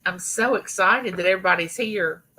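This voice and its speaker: Greeting viewers by name, this YouTube host, a middle-aged woman from Mississippi with a Southern accent, runs a relaxed live chat. She speaks at a moderate pace in a medium, pushed, bright voice, over slight background noise on a low-quality recording.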